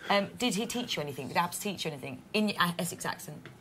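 A woman on a chat show reading out viewer tweets in a quick, giggly way. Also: fairly low pitch, animated, a loud crowd.

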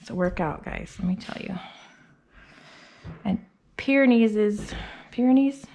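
Slightly breathless woman dog groomer, gravelly. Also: mid-range voice, a little slow, darkish tone, a little hiss or hum. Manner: chatty, thinks aloud, coos at the dog. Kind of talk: casual grooming vlog narration. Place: grooming salon.

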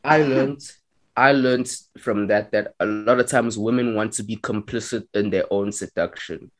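A man's voice: lowish voice, moderate pace. A young man telling a story on a podcast, acting out the lines he quotes. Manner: animated, acts out quoted lines. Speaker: podcast co-host. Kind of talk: casual storytelling among friends.

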